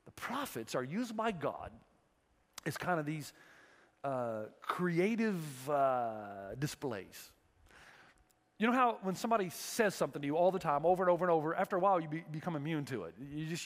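A male pastor preaching a sermon in a church, animated and acting out the voices of biblical figures. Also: fairly high pitch, in a large hall. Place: church sanctuary.

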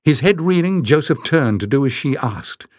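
A man narrating a fantasy audiobook in an even storytelling voice at a middle pitch. The recording is dry and close, with no room sound. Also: moderate pace, no echo. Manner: steady storytelling, switching into character voices. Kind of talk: scripted narration.

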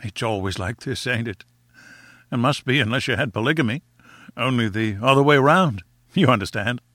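A man's voice: a little high, moderate pace, fairly bright tone, dry recording, studio quality, natural voice. A man doing a foolish, chummy little man. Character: little ginger-haired man, silly and awkward.

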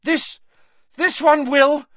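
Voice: medium pitch, big pitch swings, takes it slowly, fairly bright tone, no room sound, highs cut off, pitched above the performer's own voice, full character voice. A reader voicing a frightened teenage boy who urgently and shakily coaxes someone to drink, in an audiobook. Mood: desperate. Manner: urgent, pleading, shaky. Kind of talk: audiobook character voice.

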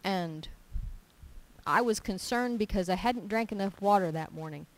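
In a mid-range voice at a normal speed, a woman preaches an informal sermon built on personal stories, captured on poor audio. She tells them with animation, voicing little dialogues herself. Her delivery is emphatic, and she keeps repeating her main points.

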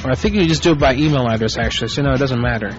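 A man's voice: medium pitch, racing. Male host of a scrappy prank call show, loose and profane, lo-fi audio with music behind. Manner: profane, rambling, off-the-cuff. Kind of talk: casual live show banter. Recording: muffled lo-fi internet radio.

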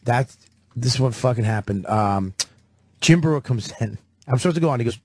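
A man's voice: medium pitch, a little fast, husky. A comedian swapping stories in a radio studio, all swearing and momentum. His voice sits in a middle register and the room adds no echo, so every word lands close and dry. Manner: profane, animated storytelling. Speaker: stand-up comedian. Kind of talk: casual radio chat.

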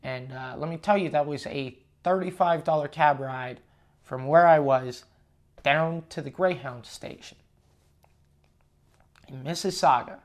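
A man's voice: a little high, a little slow, long pauses. A young man from Canada hosting a podcast, telling a story in a casual, profane, ranting and self-mocking way. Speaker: podcast host.

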